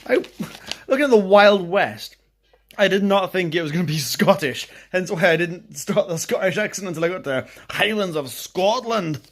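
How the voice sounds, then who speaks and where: A man's voice: high voice, normal speed, fairly bright tone. A young man vlogging about his day, chatty and self-deprecating, talking his thoughts aloud. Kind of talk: casual vlog narration.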